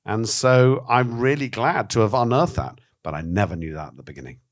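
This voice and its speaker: A man with a very low voice speaks candidly in an interview. He tells stories with animation and swears freely. He acts out the voices of the people he quotes. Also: expressive, fairly quick. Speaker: documentary filmmaker, interviewee.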